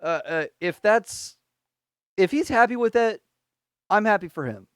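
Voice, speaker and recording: A man co-hosting a podcast, chatting casually and halting, restarting his sentences and laughing between points. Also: sits high, animated, clean tone, dry recording, studio quality. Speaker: podcast co-host. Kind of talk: casual chat reviewing a show.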